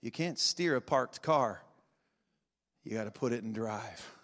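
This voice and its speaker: A man preaching a revival sermon, swinging between shouting and quiet intensity and laughing often. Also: mid-range voice, unhurried. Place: large church sanctuary. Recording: long reverb of a big hall.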